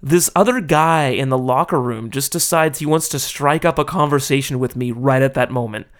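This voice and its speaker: A man's voice: medium pitch, moderate pace, a bit bright. Chatty American man telling funny stories. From United States. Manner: rambling, laughing, self-deprecating anecdotes. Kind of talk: casual storytelling.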